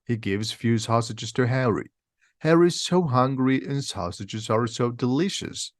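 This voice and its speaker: A man slowly reading a simplified storybook aloud for language learners. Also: mid-range voice, no echo, clean studio sound. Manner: slow, simple, clearly paced. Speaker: reader. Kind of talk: slow graded-reader story narration for learners.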